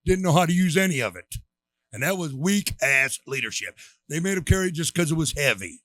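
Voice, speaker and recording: A man's voice: a little high, animated, fairly quick, fairly bright tone, no echo. A middle-aged American man, a retired Marine, telling war stories in a blunt, profane, emphatic way as co-host of a casual chat show.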